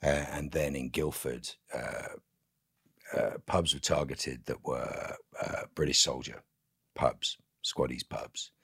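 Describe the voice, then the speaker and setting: A man, an actor guest on a podcast, telling stories in a lively, emphatic casual interview. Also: a bass voice, takes it slowly, creaky, breathy edge, dry recording, studio quality.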